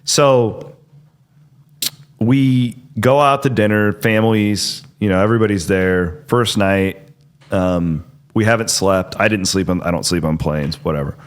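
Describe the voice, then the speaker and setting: A man's voice: lowish voice, unhurried, clear, resonant tone. A middle-aged man hosting a podcast, telling stories in a rambling way, full of fillers and restarts. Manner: rambling, filler-heavy, self-interrupting. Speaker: podcast host. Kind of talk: casual chat and storytelling.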